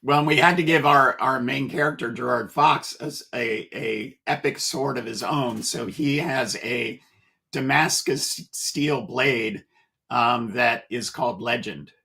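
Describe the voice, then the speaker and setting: Slow, gravelly-voiced man, husky. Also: mid-range voice, sharp tone. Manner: slow, measured, hesitant. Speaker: guest author. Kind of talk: casual interview answers.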